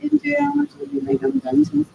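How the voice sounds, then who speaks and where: A woman's voice: high-pitched, completely flat delivery, vocal fry, mellow, muffled recording, slight background noise. A woman vlogging in a rambling, distracted monologue, trailing off mid-sentence and repeating the same muttered phrase. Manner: drifting, halting speech with trailing half-sentences. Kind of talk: rambling unscripted monologue to camera.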